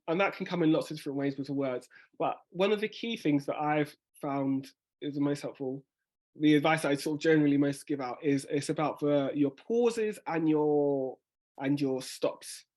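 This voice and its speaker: Man, slightly higher voice, quick casual teacher on a video call, lots of self-corrections. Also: a little mellow. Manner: fast talker with restarts. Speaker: spoken word workshop leader.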